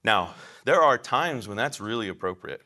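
Male counseling teacher, lower register with a bright edge. Emphatic, chatty classroom lecture. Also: animated, normal speed. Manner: emphatic, conversational, asks the class questions.

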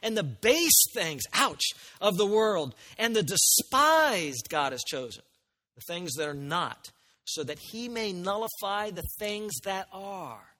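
A high-voiced man preaches with a bright, forceful edge. He reads scripture with rising emphasis and drops into quieter, conversational asides to his congregation. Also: slow. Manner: animated, shifts between quiet asides and loud emphatic reading. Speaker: pastor. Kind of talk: sermon.

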